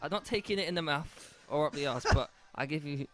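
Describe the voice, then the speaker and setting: A man's voice: on the high side, a little fast, sharp tone. A young man co-hosting a casual podcast, bantering crudely and laughing often as he rambles through a story. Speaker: podcast co-host.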